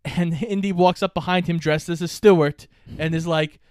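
A man co-hosting a podcast, casually recapping a movie's plot and tossing in quick quoted lines. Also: a little high, fairly even intonation, a little mellow, clear, resonant tone, no room sound, studio quality. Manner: recaps plot, quoting lines in offhand voices. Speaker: podcast co-host.

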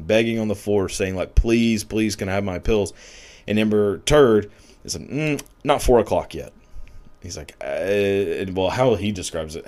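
Brief: very low-pitched man, rambling, crude, filler-heavy casual commentary. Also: a little mellow.

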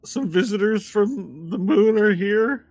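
A man putting on a frantic high-pitched girl messenger. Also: animated, takes it slowly, darkish tone, heavily acted. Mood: flustered. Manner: anxious, rambling, stammering. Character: frantic young female messenger Walnut.

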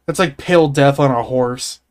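A man co-hosting a podcast in casual chat, with a dry, sarcastic, deadpan manner. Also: medium pitch, moderate pace. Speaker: podcast co-host.

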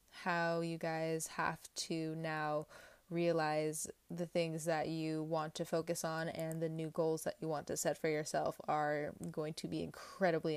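A young woman reads tarot for her viewers in a casual, rambling way, speaking candidly and leaning hard on her points. Her voice sits on the low side and comes across smooth and clear. The sound is close and dry. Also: no echo. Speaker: tarot reader.

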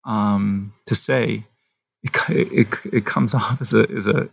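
Gravelly, husky man talking haltingly. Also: lowish voice, fairly even intonation, dry recording. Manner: halting, thinks aloud with many pauses and restarts. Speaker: author being interviewed. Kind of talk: thoughtful conversational interview.

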